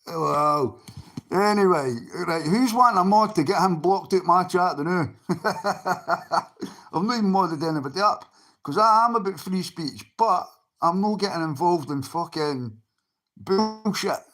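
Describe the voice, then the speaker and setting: A man's voice: high voice, animated, a little slow, a bit bright. A Scottish man on a livestream, talking bluntly and swearing often as he answers people in his chat.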